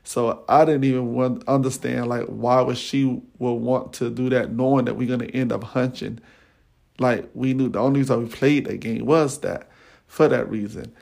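Brief: male podcast host recounting his childhood, relaxed and slangy, with a fry in his voice. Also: medium pitch, moderate pace. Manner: casual, slangy, animated retelling with many fillers. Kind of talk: personal storytelling.

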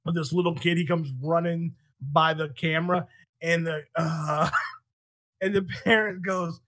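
A man hosting a podcast, chatting casually with a bright, forceful tone. He is animated, swears a lot and laughs between lines. The sound is dry and close. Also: fairly high pitch, measured pace, no room sound. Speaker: podcast host. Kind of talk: casual chat.

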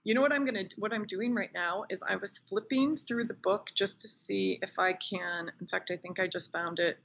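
A woman's voice: mid-range voice, moderate pace, gravelly, lo-fi sound, slight background noise. A woman talking as a podcast guest, telling personal stories with enthusiasm in a casual interview. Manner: enthusiastic, animated storyteller.

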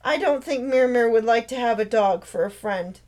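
A woman's voice: fairly high pitch, moderate pace, a little mellow, close to an everyday voice. A woman voicing a wry, easygoing retired Marine father in his sixties.

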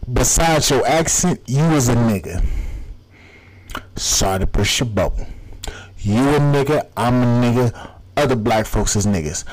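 A man's voice: medium pitch, low-quality recording. Heated profane man ranting. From United States. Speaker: podcast host. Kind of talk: solo podcast rant.

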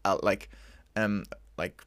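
A man's voice: sits low, fairly even intonation, slow, fairly bright tone, dry recording, clean studio sound. A young man co-hosting a podcast, rambling through gossip with frequent laughs. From Ireland. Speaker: podcast co-host. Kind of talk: casual chat.

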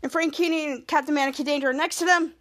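Woman podcast host, casual scene recap, very high voice. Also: steady tone, fast talker, a bit bright. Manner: chains "cut to" scene by scene.

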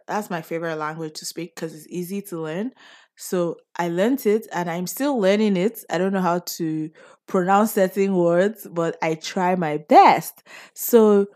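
A young woman with a Nigerian accent, chatting casually and solo as a podcast host, often laughing and slipping into pidgin phrases. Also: lowish voice.

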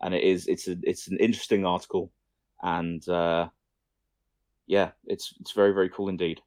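Brief: male podcast co-host, low voice, loose rambling delivery, dry close mic. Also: little pitch movement, moderate pace, a little mellow, no echo. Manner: rambling, swears casually, trails off and restarts sentences. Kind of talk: casual film-news chat.

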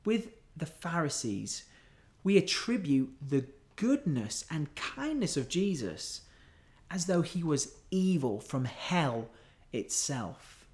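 A male preacher delivering a sermon at an unhurried pace. His pitch rises and falls widely as he leans into his points, earnestly and emphatically. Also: very animated, darkish tone.

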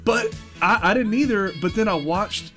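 A man's voice: high voice, normal speed, a bit bright, faint music behind. A man co-hosting a casual podcast chat, loose and jokey, laughing often. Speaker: podcast co-host.

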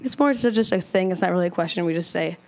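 A woman's voice: lowish voice, rapid-fire, a little mellow, low-quality recording. A woman hosting a casual group chat, teasing her guests and laughing often while she swears freely. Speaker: podcast host.

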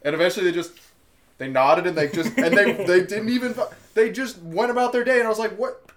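A man from Colorado, hosting a podcast in casual chat, telling animated stories and laughing often. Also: sits high, fast. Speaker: podcast host.

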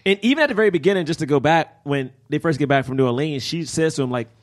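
A man co-hosting a casual film podcast, talking quickly and with excitement as he walks through scenes. His voice sits a little higher than most men's. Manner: rapid, excited retelling of scenes. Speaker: podcast co-host. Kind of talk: casual film-review chat.

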